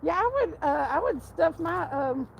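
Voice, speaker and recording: A woman's voice: extremely high pitch, expressive, moderate pace, creaky, a little hiss or hum, rough recording. A woman live streamer chatting casually and reading her chat aloud, laughing constantly.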